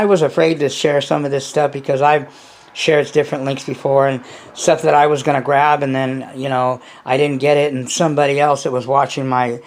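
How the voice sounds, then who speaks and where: A man chatting casually to his viewers as a hobby vlogger, loose and profane, sometimes talking about himself in the third person. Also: medium pitch. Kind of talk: casual rambling chat to viewers.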